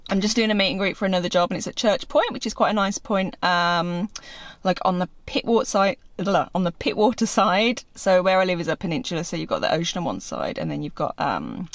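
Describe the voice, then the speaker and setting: A woman's voice: lowish voice, animated, fast talker, gravelly, hardly any pauses. A woman vlogging casually as a pet sitter, chatting to the camera and cooing playfully at the pets. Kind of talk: casual vlog chat.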